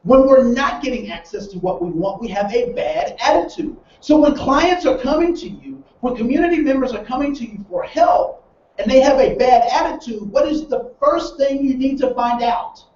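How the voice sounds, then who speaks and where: A man's voice: very high voice, normal speed, darkish tone, slight background noise. A man leading a training seminar, telling stories and asking his audience rhetorical questions. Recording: roomy, distant, dull sound.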